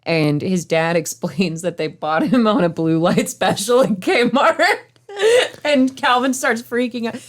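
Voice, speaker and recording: A woman's voice: medium pitch, measured pace. Laughing, teasing woman podcast co-host. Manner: laughs often, teasing and animated. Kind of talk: casual chat.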